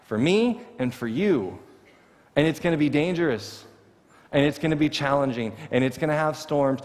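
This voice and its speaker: A pastor preaching in a lively, conversational style and slipping into quoted voices. His voice sits on the high side. A long reverb from the church hangs after each phrase. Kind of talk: sermon. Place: church sanctuary.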